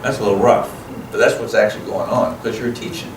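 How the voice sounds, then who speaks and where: A man's voice: lowish voice, quick pace. A man giving a plain-spoken teaching talk as guest speaker at a parenting seminar, often acting out little dialogues between parent and child. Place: school event room. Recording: echoey room, voice from far off, noisy.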